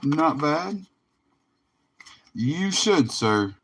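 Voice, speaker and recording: Weary male stream host, slow and easygoing, chuckles between card reveals. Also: a little high, very animated, fairly bright tone, slight background noise. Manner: laid-back, drawling, laughs often. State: tired, yawning. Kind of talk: casual livestream commentary.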